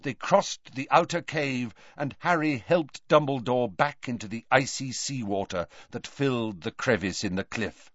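A man's voice: medium pitch, a little slow, few pauses, a bit bright, no room sound, lo-fi sound. A man reading a fantasy novel aloud as an audiobook narrator, with dramatic, swelling delivery. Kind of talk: scripted narration.

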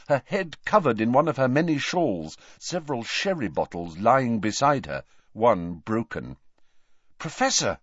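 A man reading an audiobook aloud in an animated way. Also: lowish voice, no room sound. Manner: animated, varied character voices. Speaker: narrator. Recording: dry, dull lo-fi.

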